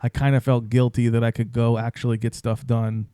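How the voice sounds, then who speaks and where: A man's voice: mid-range voice, flat delivery, fairly quick, dark tone, clean tone, no room sound, studio quality. A man in his thirties co-hosting a podcast, talking in a thoughtful, reflective way. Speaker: podcast co-host. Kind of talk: casual chat.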